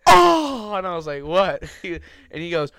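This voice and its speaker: Smooth-voiced young man telling stories. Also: on the high side, fast talker, dry recording. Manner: animated storyteller, swears freely, acts out voices. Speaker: podcast host. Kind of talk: casual chat.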